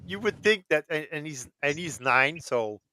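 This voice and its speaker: A man's voice: a little high, animated, normal speed, bright, forceful tone, rough recording. A man who is a father, chatting casually and stumbling over repeated words. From Canada. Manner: repetitive, stumbling restarts. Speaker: podcast co-host. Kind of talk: casual chat.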